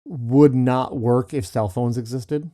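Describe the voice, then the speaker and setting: Middle-aged man, mellow wry podcast voice. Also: mid-range voice, fairly even intonation, slow. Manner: dry, wry joking. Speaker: podcast co-host. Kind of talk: casual chat.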